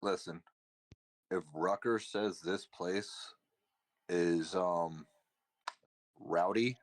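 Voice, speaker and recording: Guy doing a deep low brawler who loves a fight, telling everyone to keep it calm. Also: drawn-out words. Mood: urging caution. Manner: urgent, cautioning. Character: blunt, fight-loving male adventurer.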